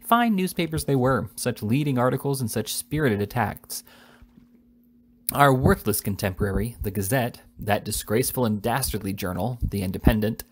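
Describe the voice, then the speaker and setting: A man reading a classic novel aloud with a lively, theatrical delivery. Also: mid-range voice, moderate pace. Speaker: audiobook reader.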